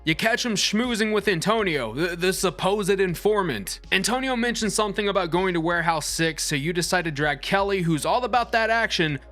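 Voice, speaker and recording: A man's voice: sits high, fairly quick, hardly any pauses, a bit bright, soft background music. A man giving blunt, irreverent, cursing commentary as he reviews a game, stumbling over restarts. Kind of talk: casual profane game commentary.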